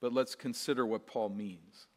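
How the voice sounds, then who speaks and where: A man preaching a sermon as pastor, earnest and rhetorical, repeating phrases and swinging between soft, quiet lines and emphatic ones. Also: medium pitch, steady tone, normal speed. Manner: rhetorical questions and repetition.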